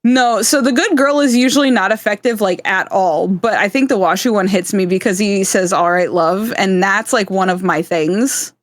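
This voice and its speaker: A woman's voice: medium pitch, moderate pace, few pauses, no echo. Laughing, swearing woman on stream. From South Florida. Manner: laughs often, swears freely. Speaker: stream guest. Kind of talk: casual chat.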